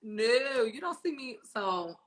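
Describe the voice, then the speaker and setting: Her voice is a little high and animated, and she takes her time. Co-hosting a casual live stream, she teases her co-host and reads viewer comments with brash, profane humor, swearing freely. She was born in Spain and grew up in Florida and Texas.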